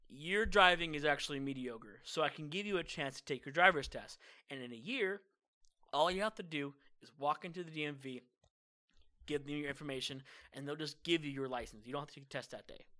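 A young man telling a long story in casual chat, breaking into loud, shouted impressions of an old teacher. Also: on the high side. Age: young adult.

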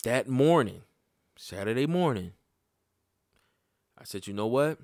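A man's voice: mid-range voice, a little slow, dry recording, clean studio sound. Heated, profane man telling a story. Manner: animated and profane, voice jumping up when heated. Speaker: podcast host. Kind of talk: casual storytelling.

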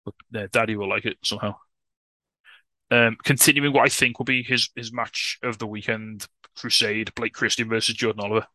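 A man co-hosting a podcast, chatting casually and excitably, swearing and laughing often. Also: on the low side, brisk, no room sound. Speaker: podcast co-host. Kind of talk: casual wrestling podcast chat.

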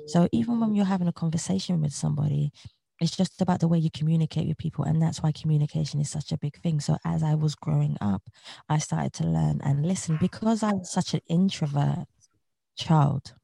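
Low-pitched and fairly quick, this woman's voice is creaky, warm and husky, with no echo. Being interviewed, she reflects on her outlook in an earnest, motivational way, repeating her key phrases.

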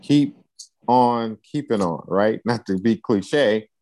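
A man's voice: fairly low pitch, slow pace, a little mellow, no room sound. A man coaching a client, encouraging and preacher-like, often checking in with "right?". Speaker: life coach. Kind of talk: coaching session interview.

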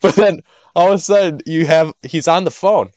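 His voice on the high side and his pace moderate, a young podcast co-host relates a story during relaxed conversation. He animatedly acts out the voices of the people in it. The audio is dry and dull.

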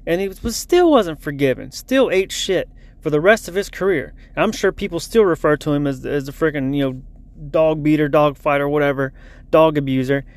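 A man's voice: on the high side, moderate pace. A man giving a casual lunch-break sports update in a blunt, heated, profane rant.

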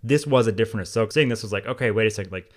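A man's voice: fairly low pitch, very fast. A man co-hosting a casual podcast, telling things in a loose, rambling way and laughing often. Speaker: podcast co-host. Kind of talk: casual chat.

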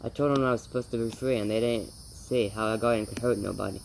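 A man's voice: fairly low pitch, fairly even intonation, fast, creaky, slight background noise, rough recording. A man voicing a hungry, humble grown drifter who speaks in plain, polite rural talk. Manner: folksy rural speech, eager and polite.

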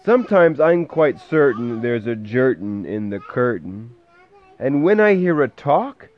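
A man reading a bedtime story aloud to a toddler at home, gentle and lilting, stopping to chat with the child between pages. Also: medium pitch, sing-song, unhurried, highs cut off.

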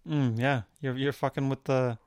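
A man co-hosting a podcast, rambling in casual banter with crude deadpan jokes. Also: medium pitch, moderate pace, no echo, clean studio sound. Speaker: podcast co-host.

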